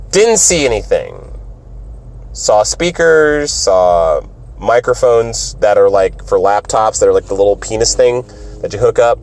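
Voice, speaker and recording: A man tells a rambling story while he drives, swearing freely and acting out the people in it. His voice sits at an ordinary middle pitch. A faint hum of the car and the street stays under his talk. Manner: profane, animated storytelling, acts out other voices. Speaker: stand-up comedian vlogger. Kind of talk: casual driving vlog storytelling.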